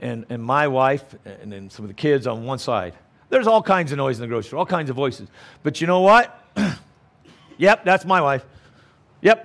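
Preaching to his congregation, a middle-aged pastor speaks in a somewhat high voice. His sermon is emphatic but conversational, frequently turning to rhetorical questions.

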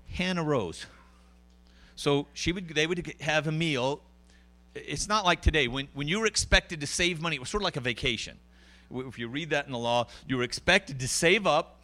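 A middle-aged man preaching a sermon, conversational and animated, with frequent asides to the congregation. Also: fairly high pitch. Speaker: pastor.

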